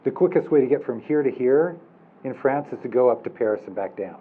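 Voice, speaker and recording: Rambling moderator, tinny sound. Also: male voice, mid-range voice, animated, brisk. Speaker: moderator and professor. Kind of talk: panel discussion.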